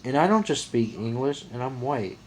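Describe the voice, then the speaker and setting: Speaking casually to camera, an American man with an animated, medium-pitched voice and moderate pace goes on a rambling, opinionated monologue for his viewers. This vlogger repeats himself a lot and frequently starts over.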